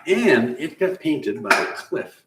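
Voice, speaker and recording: A middle-aged man with a fairly high, very animated voice takes it slowly while hosting a live car-building stream. Chatting casually with viewers, he rambles through shop talk and chuckles occasionally, recorded on a roomy, distant mic with faint hiss.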